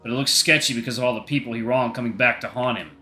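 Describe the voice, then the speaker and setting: A man reading the lines of a protective young boyfriend in a game, earnest and soft-spoken. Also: mid-range voice, steady tone, racing, soft background music, natural voice. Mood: pleading.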